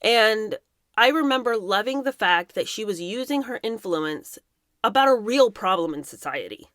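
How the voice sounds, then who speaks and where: A woman's voice: mid-range voice, expressive, normal speed, a bit bright, no echo, studio quality. A woman in her thirties hosting impassioned commentary, talking emphatically and indignantly, sometimes mocking the people she talks about. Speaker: commentary host.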